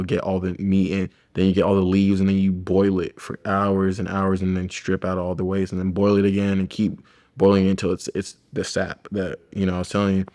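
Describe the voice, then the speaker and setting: A man with a very low voice and a flat, even delivery. He talks loosely and reflectively, rambling through stories in a relaxed conversation. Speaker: chiropractor. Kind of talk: casual podcast conversation.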